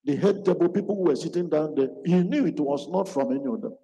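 A man preaches in a storytelling manner, acting out the voices of the people in his story. His voice sits a little high and sounds mellow. It rings out in a hall with a long reverb. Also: fast talker. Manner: acts out quoted speech in his stories. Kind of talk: storytelling sermon.

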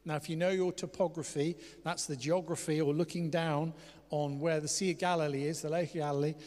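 A pastor preaching a sermon, swinging between loud animated exclamations and hushed, softly spoken quoted words. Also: male voice, a little high, brisk. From England. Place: church hall. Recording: long church hall reverb.

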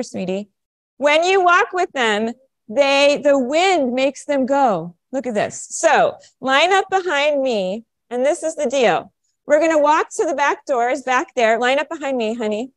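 A woman pastor with a high, light voice leads a children's message in plain, coaxing words. The sound is close and dry, with little room around it. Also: dry recording. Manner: bright, coaxing, speaks simply to children. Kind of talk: children's sermon, then sermon. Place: church sanctuary.

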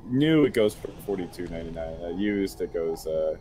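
A man guesting on a video game show, chatting in a relaxed, wry way and sharing trivia. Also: low voice, normal speed, a little hiss or hum. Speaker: guest co-commentator. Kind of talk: casual gameplay chat. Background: faint game music.

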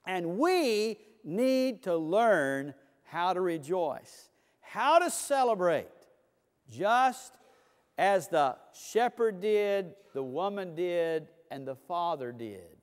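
A man's voice: high voice, very animated, slow, clear, resonant tone, long reverb tail. A man preaching a sermon as pastor in a church sanctuary, building emphasis through repeated phrases.

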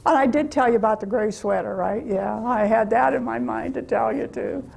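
Older lady telling church folks stories, raspy-gravelly voice, laughs a lot. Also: fairly high pitch, normal speed, a little mellow, a little hiss or hum. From USA. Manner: chatty storytelling, laughs often. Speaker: guest speaker. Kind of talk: testimony to a church meeting. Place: church meeting room.

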